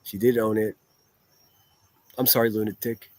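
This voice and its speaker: A man's voice: fairly low pitch, flat delivery, normal speed, a little mellow, no room sound. Blunt, profane man streaming to chat. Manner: blunt, profane, rambling with restarts. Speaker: livestreamer reading chat. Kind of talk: live-stream chat commentary.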